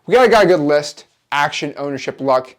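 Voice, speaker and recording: Animated, hyped-up male wholesaling coach. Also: fairly high pitch, fairly quick. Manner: animated, repetitive, hyped-up motivational delivery. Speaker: real estate wholesaling coach. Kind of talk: energetic coaching lecture.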